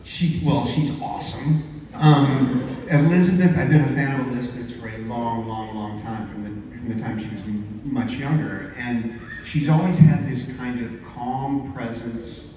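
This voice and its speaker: A man's voice: medium pitch, steady tone, unhurried, darkish tone. Male writer-director on a panel, effusive, heard from a distance in a big echoey hall. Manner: effusive, full of praise. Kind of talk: panel talk. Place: convention panel stage. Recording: echoey convention hall, far mic.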